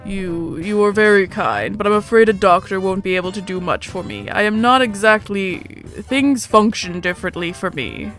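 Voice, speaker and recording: A woman voicing a reserved, polite male minotaur hotel keeper who speaks formally and measured. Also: medium pitch, lively intonation, a bit bright, faint music behind, voice pushed down, close to an everyday voice.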